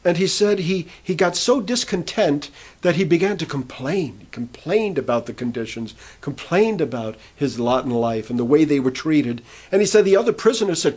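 A man's voice: on the high side, animated, moderate pace, a little mellow, breathy edge. A man preaching, retelling a prisoner's conversion story and quoting the people in it. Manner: retells a testimony, quoting speakers in turn. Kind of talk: sermon storytelling.

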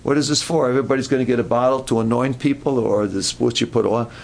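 A man's voice: mid-range voice, steady tone, fast, gravelly, slight background noise. A man preaching a sermon at a camp meeting, earnest and given to repeating his words.

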